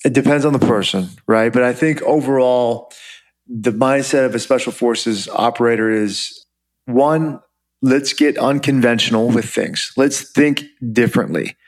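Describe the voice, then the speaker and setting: Man, middle pitch, chatty, relaxed, filler words, interview guest. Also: unhurried. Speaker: guest, former Army officer. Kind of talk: interview storytelling.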